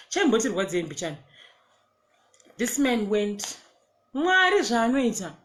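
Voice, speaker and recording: Animated Zimbabwean woman telling a story. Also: on the high side, a little hiss or hum. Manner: animated, laughs often, repeats words. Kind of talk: casual storytime.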